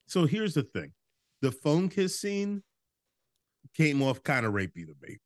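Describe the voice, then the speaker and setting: A man's voice: on the high side, measured pace, dry recording, clean studio sound. A man co-hosting a casual movie-review podcast, telling stories with energy, doing voices and swearing freely. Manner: animated storyteller, does voices, swears freely. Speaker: podcast co-host.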